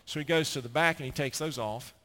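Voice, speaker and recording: Animated man preaching a sermon. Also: fairly high pitch, quick pace. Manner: storytelling preacher, animated, acts out quotes. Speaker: pastor.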